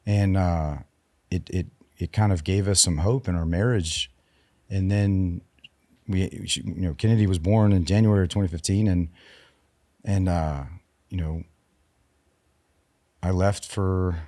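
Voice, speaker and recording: This is a man in his forties with a very deep voice and a warm, dark tone. He is a veteran guest on a podcast, telling his story candidly. He speaks in a halting, subdued way and restarts his sentences often, recorded in a dry, close room. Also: no echo.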